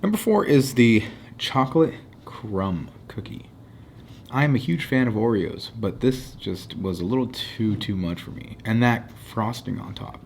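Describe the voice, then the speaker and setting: A man casually rating cookies on a food show, relaxed and deliberate, stretching out his announcements. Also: mid-range voice, slight background noise. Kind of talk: casual food review chat.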